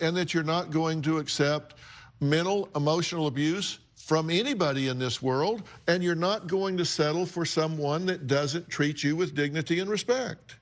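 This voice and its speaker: An older man hosting a talk show, counseling guests in a blunt, emphatic, lecturing way. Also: fairly high pitch.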